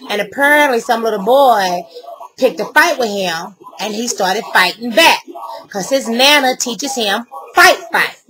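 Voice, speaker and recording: A woman's voice: fairly high pitch, low-quality recording. A middle-aged woman ranting to camera, heated and blunt, with a lot of swearing. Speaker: vlogger.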